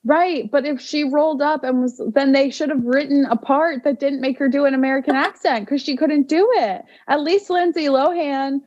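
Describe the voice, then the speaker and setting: A woman's voice: sits high, steady tone, moderate pace, few pauses, darkish tone, highs cut off. A woman co-hosting a podcast in casual chat, enthusiastic and insistent. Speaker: podcast co-host.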